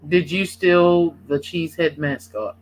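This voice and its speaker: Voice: medium pitch, unhurried, low-quality recording. A person chatting playfully, egging the others on. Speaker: podcast regular. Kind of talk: casual chat.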